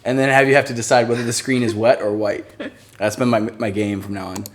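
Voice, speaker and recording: A man's voice: medium pitch, little pitch movement, fast talker. Chatty man hosting a live stream. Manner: chatty, laughs often, jokey. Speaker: host of a channel live stream. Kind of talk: casual live-stream chat.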